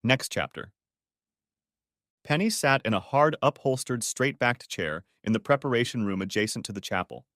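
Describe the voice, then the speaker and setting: Male storyteller, lively pitch, dry and close-miked, expressive reading. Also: normal speed, no echo. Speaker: story narrator. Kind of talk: audiobook narration.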